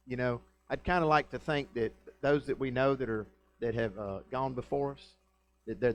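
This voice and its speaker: A male pastor preaching a conversational, folksy sermon in a church and often putting questions to the congregation. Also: mid-range voice. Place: church sanctuary.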